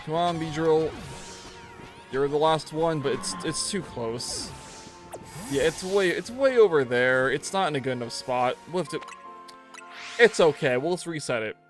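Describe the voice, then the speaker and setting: A man's voice: fairly high pitch, unhurried, long pauses, faint music behind. Rambling young man streaming a game. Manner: rambling, animated storytelling with slang. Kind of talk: casual livestream chat.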